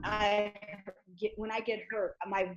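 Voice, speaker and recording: A woman's voice: medium pitch, level tone, measured pace, roomy sound, highs cut off. A middle-aged woman giving emotional personal testimony in a community discussion over a video call, her voice rising when she is hurt.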